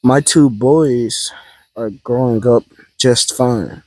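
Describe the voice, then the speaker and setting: A man voicing a ninja mother, speaking in a friendly, soft-spoken way with a husky voice. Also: mid-range voice, slow, no echo. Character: warm ninja mother greeting an old friend.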